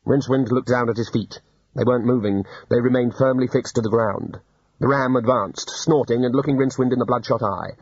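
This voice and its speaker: A man reading an audiobook in a dry, unhurried storytelling manner. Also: mid-range voice, slightly rough, dry recording, dull audio. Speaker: narrator. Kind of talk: audiobook narration.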